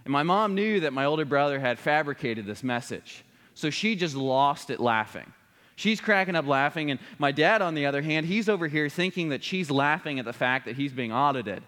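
A man's voice: fairly high pitch, animated, normal speed, fairly bright tone. A man preaching a sermon, telling a family story in an earnest way before a solemn appeal. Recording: long reverb of a large hall.

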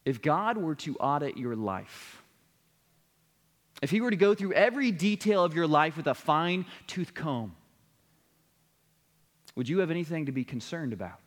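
Preaching in a big church hall whose long reverb lingers after each phrase, a man with a somewhat high voice recounts a family story earnestly before rising to a solemn appeal. His delivery is sing-song and moderately paced, with frequent pauses.

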